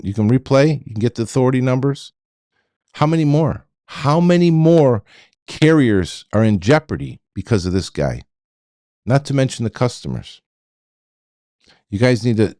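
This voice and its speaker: Male show host, middle-aged, blunt and repetitive, stammers, animated delivery in a dead-dry room. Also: medium pitch, no echo. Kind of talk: ranting monologue to viewers.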